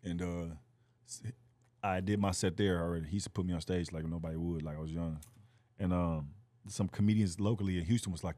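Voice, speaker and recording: A man guesting on a podcast, telling a long story in animated fashion and acting out the voices of the people in it. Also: low voice, brisk. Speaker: guest comedian. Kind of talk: casual podcast chat.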